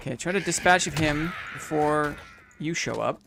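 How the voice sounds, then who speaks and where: A young man with a small-town Canadian accent streams a game and offers casual gameplay commentary, thanking viewers and making playful sound effects. His voice is on the high side and gravelly, at a normal speed, with background noise in the recording.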